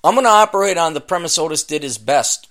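A man hosting a podcast, ranting scornfully and profanely at an article he reads aloud, often bursting into shouting. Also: on the high side, quick pace. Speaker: podcast host. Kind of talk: comedic rant reacting to a read-aloud article.

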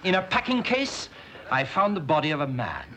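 An actor playing the Doctor, an earnest male time-travelling investigator, in a measured, explaining way from an old television drama. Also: on the high side, sing-song, sharp tone. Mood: grave.

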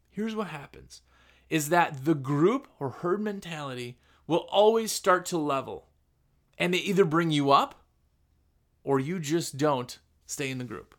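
A man's voice: a little high, lively intonation, normal speed, a bit bright. A man hosting a podcast, giving a casual motivational talk and acting out other people's voices. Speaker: podcast host.

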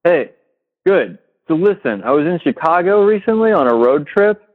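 A man calling in to a show, telling a story in a halting way with many fillers. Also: a little high, sing-song. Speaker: caller. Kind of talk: casual storytelling on a call. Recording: tinny phone line.

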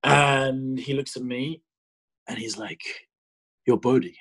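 South african guy in his 30s telling his story on a podcast, slightly breathy, acts out the voices, lots of likes and ums. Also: mid-range voice, takes it slowly, rough recording. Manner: animated, acts out his own past dialogue, many fillers and restarts. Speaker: podcast guest. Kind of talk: casual storytelling.

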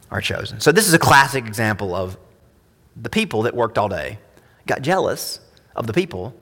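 A man preaching a sermon as pastor, impassioned and climbing higher when he reads scripture. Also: pushed and bright. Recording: long hall reverb.

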